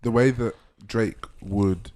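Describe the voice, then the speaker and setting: A man co-hosting a podcast, talking in a laid-back, measured way with short agreeing replies. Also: lowish voice, warm tone, no echo. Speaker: podcast co-host. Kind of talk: casual chat. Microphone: podcast studio mic.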